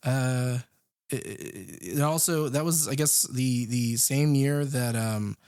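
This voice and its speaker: A man's voice: mid-range voice, slow pace, clear, resonant tone, no room sound. Hesitant man on a dry close mic. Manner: hesitant, many ums, relaxed storyteller. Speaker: podcast co-host. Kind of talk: casual film chat.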